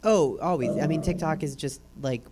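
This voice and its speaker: A woman hosting an interview at a comedy theater, relaxed, wry and conversational. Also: sits low, normal speed, noisy background. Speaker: host. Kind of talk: casual interview chat.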